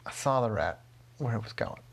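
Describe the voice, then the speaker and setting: A man voicing a calm, helpful male problem-solver in a bedtime story, measured and reassuring. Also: medium pitch, vocal fry.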